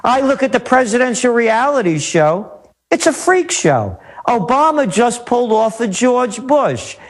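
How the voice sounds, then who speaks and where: A man's voice: very high voice, very animated, a little slow. A man as a guest on a talk radio interview, ranting emphatically and repeating his points. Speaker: guest trend forecaster.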